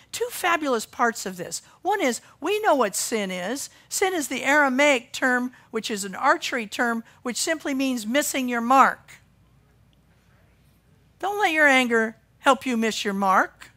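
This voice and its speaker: A woman pastor preaching a sermon, swinging from loud emphasis to quiet intensity. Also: on the high side.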